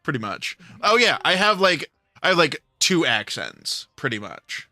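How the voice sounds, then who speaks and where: A man talking slowly in a relaxed stream chat, pausing and filling gaps with "uh" as he thinks. His voice is bright and close, with a dry sound and no room around it. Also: on the high side, no room sound. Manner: hesitant, many filler sounds. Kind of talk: casual chat.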